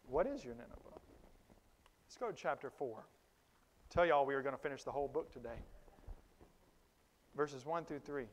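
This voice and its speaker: A male pastor preaching a sermon, shifting from quiet stretches to loud, high-pitched emphatic bursts. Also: animated, moderate pace, long pauses, big-room sound.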